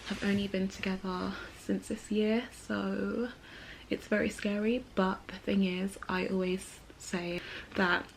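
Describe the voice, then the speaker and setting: Gravelly-voiced young woman vlogging. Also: medium pitch, level tone, unhurried. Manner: chatty, candid, filler-heavy. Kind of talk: casual Q&A vlog. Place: outdoors at dusk. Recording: faint background noise.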